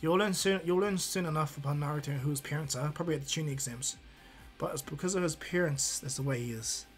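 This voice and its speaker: A man's voice: fairly high pitch, fast talker, faint music behind. A man improvising a fan fiction story aloud, rambling with many fillers and restarts.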